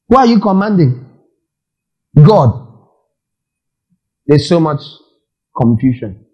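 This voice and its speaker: A man's voice: on the high side, slow, pauses often, lo-fi sound. Preaching man. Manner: lively preaching with questions and acted-out quotes. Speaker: pastor. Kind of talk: sermon.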